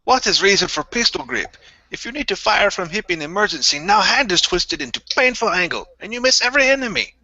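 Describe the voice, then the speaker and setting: A man putting on a deadpan mock Russian soldier with choppy, broken phrasing over lo-fi voice chat. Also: high voice, a little fast, no room sound, voice pushed up, heavily acted.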